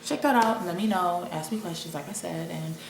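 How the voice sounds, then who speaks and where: A woman's voice: on the low side, fairly quick, creaky. A young adult woman talking in a casual, rambling vlog monologue, with many restarts. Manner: rambling, chatty, with frequent restarts and laughs. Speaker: vlogger. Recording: echoey room with faint ambient noise.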